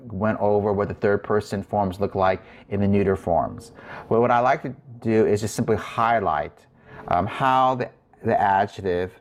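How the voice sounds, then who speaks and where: Slow, low-voiced man teaching grammar. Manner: slow, deliberate explaining with frequent fillers and restarts. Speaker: Greek instructor. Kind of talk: recorded lecture.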